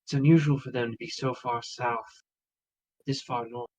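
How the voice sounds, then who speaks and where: Guy playing a composed woman rider, soft measured talk, wary, tabletop game. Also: mid-range voice, fairly even intonation, lightly acted, rough recording.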